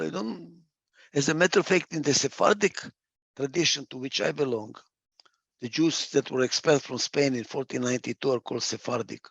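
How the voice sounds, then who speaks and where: A man's voice: mid-range voice, fairly quick, gravelly, a bit bright, breathy edge, no echo. A man giving a reflective talk. He stresses points by repeating phrases, and sometimes stalls over a word and starts again. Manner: gets lost for a word and restarts. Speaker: speaker.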